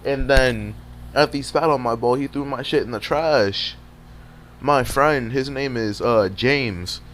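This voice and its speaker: A young man casually telling a fight story over gameplay footage, animated and profane, full of streetwise slang, with a faint hum behind him. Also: mid-range voice, a little slow. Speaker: gaming video creator.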